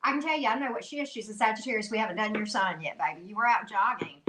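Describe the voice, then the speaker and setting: A woman's voice: medium pitch, fast talker, few pauses, echoey room, background noise. A woman giving a casual tarot reading to her viewers, chatty, blunt and teasing, calling them love and baby. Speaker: tarot reader.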